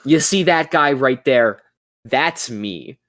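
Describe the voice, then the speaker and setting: A young man voicing a goofy teenage skater boy narrating a 90s commercial, with slow, drawn-out pauses. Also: medium pitch, lively intonation, fairly bright tone, no room sound. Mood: mock-dramatic. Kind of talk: podcast bit.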